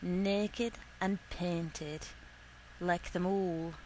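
A woman voicing a lanky young soldier, terse and brooding, speaking in short, quiet lines. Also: fairly low pitch, steady tone, extremely slow, a little hiss or hum, rough recording. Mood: hushed.

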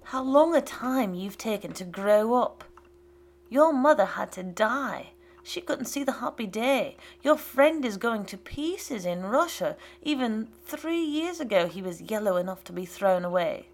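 A woman voicing a bitter, domineering old father who mocks and rants in loud outbursts. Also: on the high side, lively intonation, unhurried. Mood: ranting. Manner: mocking and ranting, loud outbursts.

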